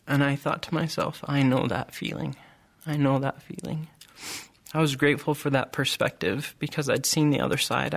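A middle-aged man with a gravelly, creaky voice tells a personal testimony. He speaks earnestly and haltingly, often pausing and restarting his sentences. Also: fairly high pitch, fairly bright tone. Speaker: group member sharing testimony.

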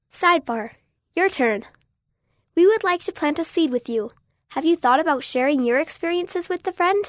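A woman's voice: high-pitched, no room sound, studio quality. A woman earnestly reading a children's magazine story aloud. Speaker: reader.

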